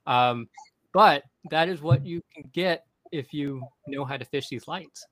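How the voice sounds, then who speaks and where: A young man hosting a podcast, telling a fishing story in an excited, rambling way with many restarts. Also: on the high side, a little slow, no room sound, rough recording. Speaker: podcast host. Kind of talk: casual storytelling chat.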